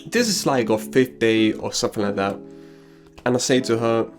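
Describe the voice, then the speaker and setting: A man's voice: medium pitch, expressive, normal speed, faint music behind. A man giving casual, slangy commentary on an anime and telling personal anecdotes. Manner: casual and slangy, drops crude asides.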